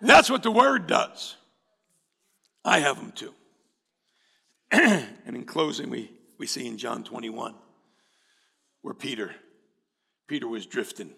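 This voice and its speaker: A man preaching a sermon to a congregation, dropping low and quiet, then building to loud shouts. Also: lively intonation, slow pace, creaky, long pauses, breathy edge. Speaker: pastor. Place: church hall. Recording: reverberant hall with live music behind.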